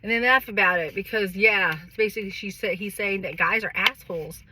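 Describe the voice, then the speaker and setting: A woman's voice: mid-range voice, brisk, bright, forceful tone. A middle-aged woman in a candid personal monologue, rambling and swearing often, with frequent sighs. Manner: rambling, heavily profane, sighing and laughing. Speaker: vlogger.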